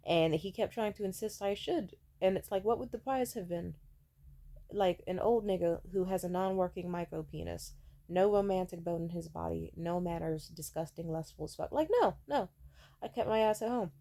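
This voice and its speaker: A young woman rants through dating stories, blunt, profane and sarcastic. Her voice sits low and mellow, and she mocks the people in her stories with put-on voices. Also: moderate pace, vocal fry. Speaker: storyteller vlogger. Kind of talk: casual ranting storytime.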